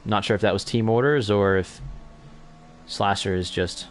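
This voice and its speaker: A young man commentates an online racing league in a chatty, self-correcting way that picks up during on-track battles. His voice is lowish, at a moderate pace, with a little hiss or hum in the audio.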